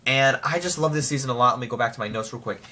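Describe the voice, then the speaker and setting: A young man rambling excitedly through a casual spoiler review of a TV show. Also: medium pitch, rapid-fire.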